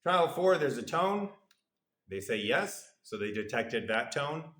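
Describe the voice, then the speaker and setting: A man lecturing in an echoey room, his voice of ordinary middle pitch. He explains step by step with a playful streak and drops his voice low and soft when he quotes what the test subjects answer. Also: very animated, unhurried. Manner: explanatory, playful, acts out subjects' replies in a lowered voice. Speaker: university lecturer. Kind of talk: classroom lecture. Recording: roomy echo.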